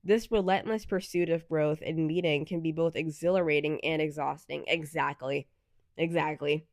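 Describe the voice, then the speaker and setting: Low-voiced woman chatting on her podcast. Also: fairly even intonation, normal speed, no echo, studio quality. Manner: chatty and candid, reading quiz results aloud and reacting. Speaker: podcast host. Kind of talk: casual solo podcast chat.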